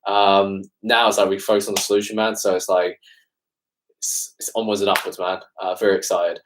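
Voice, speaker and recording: A man's voice: sits low, flat delivery, a little fast, noisy background. A young man in his twenties with an English accent, chatting casually as a fitness coach answering live-stream questions. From England. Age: 20s. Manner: laid-back, fills with "man" and "obviously".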